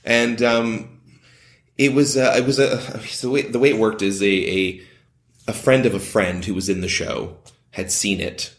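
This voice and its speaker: A man's voice: lowish voice, steady tone, normal speed. A man, a playwright and director, talking casually in an interview, rambling with many restarts. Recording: echoey room.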